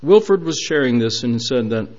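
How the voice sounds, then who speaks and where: A man's voice: mid-range voice, animated, moderate pace, darkish tone. A man preaching a sermon, telling a story earnestly with some hesitations. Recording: dull lo-fi recording.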